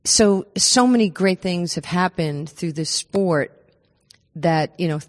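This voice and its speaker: Animated New woman in her sixties. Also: lowish voice, takes it slowly, long reverb tail. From New York. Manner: animated, laughing storyteller. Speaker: guest. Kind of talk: storytelling podcast interview.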